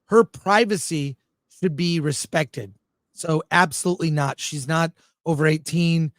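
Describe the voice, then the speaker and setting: Blunt jokey guy reviewing movies on a livestream, highish voice, dry mic. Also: measured pace, dry recording. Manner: brash, blunt, jokey, reads viewer comments aloud. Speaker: film critic co-host. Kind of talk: casual livestream film review chat.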